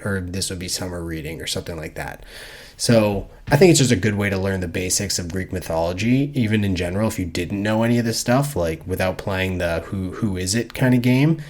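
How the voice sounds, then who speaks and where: A man with a very low voice chatting casually on a book-club podcast. He rambles through his thoughts, swears without a second thought and breaks into laughter now and then. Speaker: podcast co-host.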